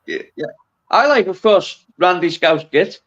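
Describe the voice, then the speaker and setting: A man's voice: high-pitched, animated, a little slow, fairly bright tone, highs cut off. A man from Liverpool with a Liverpool accent, co-hosting a casual chat and rambling with tag questions. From Liverpool, England. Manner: rambling, hesitant, lots of fillers and tag questions. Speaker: podcast co-host.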